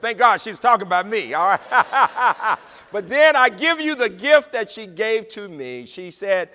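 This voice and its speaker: High, bright-voiced man giving an emphatic keynote. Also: lively intonation, moderate pace. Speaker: keynote speaker, university president. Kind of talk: inspirational keynote speech. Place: large conference hall. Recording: long hall reverb over a PA.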